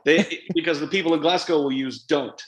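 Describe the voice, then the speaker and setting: Author guest, man, upper-ish pitch, loose conversational rambling, roomy sound. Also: a little fast, a bit bright. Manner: chatty, rambling, frequent fillers and restarts. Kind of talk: live event interview.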